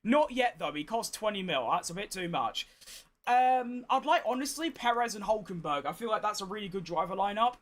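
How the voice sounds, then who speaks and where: A tired, hoarse gaming streamer, chatting casually and getting exasperated as he plays. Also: high-pitched, animated, a little fast. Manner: chatty, exasperated, swears freely. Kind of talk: casual gameplay commentary.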